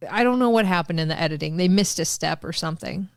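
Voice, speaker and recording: A woman's voice: lowish voice, fast, vocal fry, no echo, studio quality. A woman co-hosting a podcast in casual chat, ranting in an exasperated, profane way. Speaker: podcast co-host.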